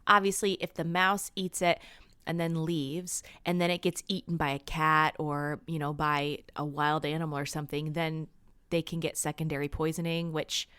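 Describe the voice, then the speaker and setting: A woman's voice: sits low, level tone, moderate pace, fairly bright tone, smooth, dry recording. A woman co-hosting a podcast, telling stories in an earnest, casual way. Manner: earnest, storytelling at length. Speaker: podcast co-host. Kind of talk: casual chat.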